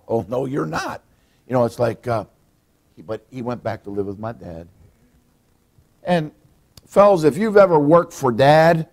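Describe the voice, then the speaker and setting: A middle-aged man preaching a folksy sermon as pastor, acting out what people say. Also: medium pitch. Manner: folksy preaching, acts out quotes.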